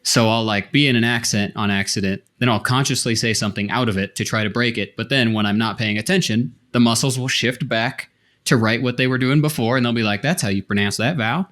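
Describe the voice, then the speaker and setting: A man's voice: medium pitch, fast, a bit bright. A man co-hosting a podcast, explaining his thoughts at length in casual chat. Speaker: podcast co-host.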